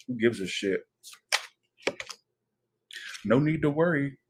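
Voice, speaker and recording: A man's voice: medium pitch, expressive, takes it slowly, background noise. Rambling, profane male tarot reader. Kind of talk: casual tarot reading.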